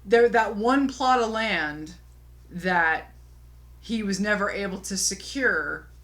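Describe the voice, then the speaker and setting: A woman on a casual movie podcast, recapping a scene at a middling pitch. She restarts her sentences often and drops into quieter asides. Her delivery is loose and conversational. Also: takes it slowly. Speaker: podcast co-host.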